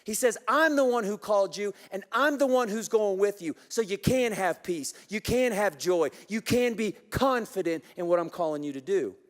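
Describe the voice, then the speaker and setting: Passionate high-voiced preacher, big hall. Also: male voice, expressive, normal speed, hardly any pauses. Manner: passionate, leads the crowd in call-and-response. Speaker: pastor. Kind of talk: sermon. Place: large church auditorium. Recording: long hall reverb from a church auditorium. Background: congregation in the room.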